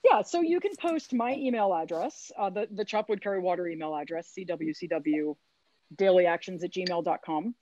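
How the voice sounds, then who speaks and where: A woman's voice: lowish voice, normal speed, dark tone, dry recording. A middle-aged woman, a community organizer, talking earnestly and encouragingly as she gives phone bank training over a video call. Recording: slightly dull lo-fi sound.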